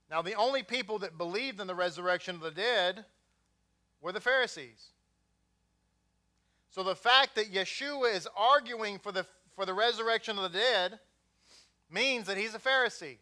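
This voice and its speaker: Texan male preacher, high bright voice, casual sermon with wisecracks. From Texas. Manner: conversational, joking asides.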